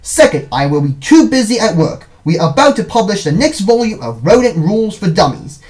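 A man voicing a fussy, nervous male mouse who is the big brother in a storybook, shrill and easily panicked. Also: big pitch swings, fairly quick, a little mellow. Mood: indignant. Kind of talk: storybook character voice.

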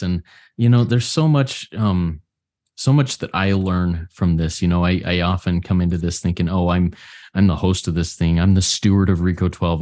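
Deep-voiced earnest man podcast host. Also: darkish tone. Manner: earnest, encouraging, rallying. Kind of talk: casual recovery podcast chat.

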